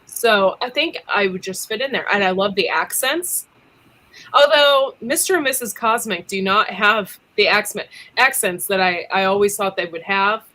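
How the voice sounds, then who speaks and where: A chatty woman hosting a casual livestream, giggling often and leaning on ums between thoughts. Her voice is bright and forward, sitting in an ordinary middle pitch. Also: normal speed. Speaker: livestream co-host.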